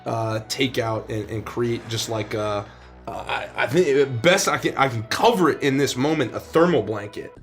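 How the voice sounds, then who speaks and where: A man's voice: mid-range voice, normal speed, soft background music. A man playing a tabletop game, describing his character's actions casually and rambling with fillers. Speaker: player. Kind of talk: tabletop role-play.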